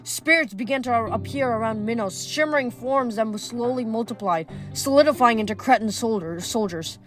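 A woman reading a novel aloud at a steady pace, sometimes stumbling and restarting a word. Her voice is slightly high, and quiet music plays underneath. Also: moderate pace. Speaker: reader.

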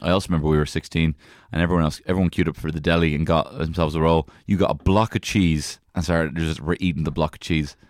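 A man's voice: rumbling low, steady tone, fast, no room sound, studio quality. A man co-hosting a podcast, bantering and swearing as he keeps score in a card game. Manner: swearing, joking, teasing. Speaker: podcast co-host. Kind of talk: casual banter.

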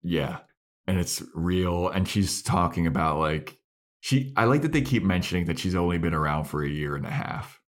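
A man's voice: sits low, normal speed. A man co-hosting a podcast, chatting casually and animatedly acting out scenes while recapping a TV episode. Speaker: podcast co-host. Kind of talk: casual chat.

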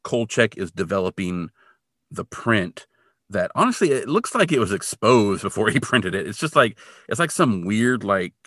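Animated low-voiced man chatting. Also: moderate pace, dry recording, clean studio sound. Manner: animated retelling, acts out quotes. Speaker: podcast co-host. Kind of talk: casual chat recapping a TV episode.

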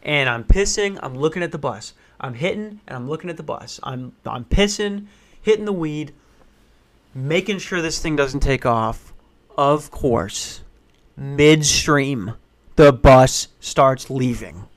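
A man telling a funny personal story in casual, profane, animated style. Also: a little high. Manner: profane, animated, acts out voices, rushes when excited.

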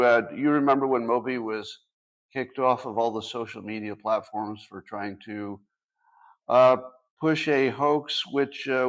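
A man in his sixties hosting a casual livestream, talking to his audience with dry sarcastic asides. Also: mid-range voice. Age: 60s. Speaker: podcast host.

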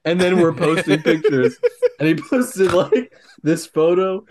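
Giggly, animated young-sounding podcast man. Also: sits high, a little slow, slight background noise. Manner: fits of helpless giggling, swearing, rambling. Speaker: podcast co-host. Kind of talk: casual podcast banter.

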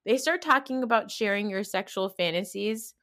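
A woman co-hosting a podcast, chatting casually about a reality show and quick to agree and laugh along. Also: mid-range voice, animated, a bit bright. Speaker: podcast co-host. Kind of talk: casual reality TV recap chat.

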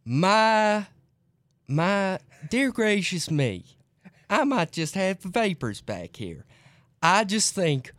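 A radio producer putting on an exaggerated Southern accent, playing a fussy, theatrical gentleman in mock outrage. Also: a little high, dry recording. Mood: mock-genteel. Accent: Southern US, put on.

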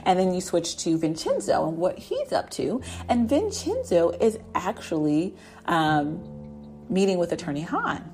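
A woman's voice: on the low side, big pitch swings, measured pace, darkish tone. A woman casually recapping a TV drama episode, chatting and laughing as she acts out the characters' lines.

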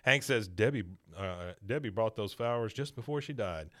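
A man in casual conversation, retelling a cartoon episode scene by scene for a podcast. He laughs often and slips into quick impressions of the characters as he quotes them. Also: lowish voice, expressive, a bit bright. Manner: laughs often, mimics characters' lines while recapping.

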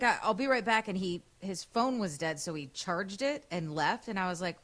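A woman co-hosting a casual radio show chat, an animated storyteller who swears freely. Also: medium pitch, moderate pace. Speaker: co-host.

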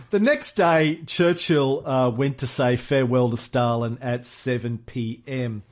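A man co-hosting a casual history podcast, jokey and animated, reading quotes aloud. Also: mid-range voice, slow pace. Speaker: podcast co-host.

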